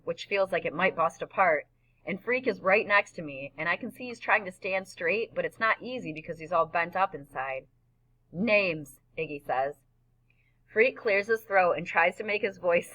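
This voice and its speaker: A woman's voice: on the low side, sharp tone, rough recording. A woman narrating an audiobook in a boy's first-person voice, telling the story plainly. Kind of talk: scripted narration.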